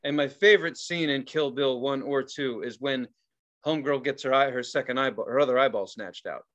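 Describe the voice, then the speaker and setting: A man co-hosting a podcast, telling stories in casual chat, laughing often and yelling out quoted lines. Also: medium pitch, brisk, highs cut off. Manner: animated storyteller, laughs and yells quoted lines. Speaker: podcast co-host.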